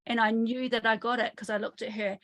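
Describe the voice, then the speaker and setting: A woman working as a trauma therapist, speaking in an online interview from her country home over a video call, telling lively stories and acting out what people said. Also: fairly high pitch, fairly quick. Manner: lively storytelling, often acts out quotes.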